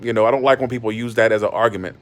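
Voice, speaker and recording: A man's voice: lowish voice, steady tone, rapid-fire. A man hosting a tarot channel, ranting bluntly in casual livestream talk and repeating himself for emphasis.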